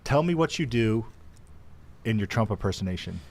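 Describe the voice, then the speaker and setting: A man's voice: on the low side, animated, normal speed, vocal fry, darkish tone. A man hosting a live show, chatting casually with jokes and lots of fillers. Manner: joking, rambling with many fillers. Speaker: show host.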